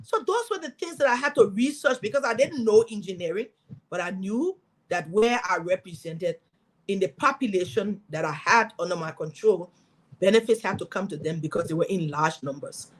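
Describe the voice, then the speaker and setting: A middle-aged woman from Liberia speaking, a guest in an interview telling her story as a former senator with lively, preaching energy. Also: mid-range voice, normal speed, poor audio. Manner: animated, preaching storytelling with acted quotes.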